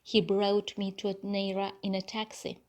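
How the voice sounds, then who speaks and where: A woman's voice: medium pitch, level tone, normal speed, lightly acted. A woman reading an earnest, apologetic young woman. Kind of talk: audiobook character reading.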